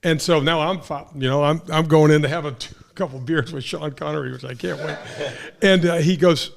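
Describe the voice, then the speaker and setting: A man in his sixties from St. Louis, Missouri, hosting a casual chat and telling animated anecdotes with acted-out quotes and frequent restarts. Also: a little high, brisk, creaky. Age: 60s. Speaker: host, former pro golfer.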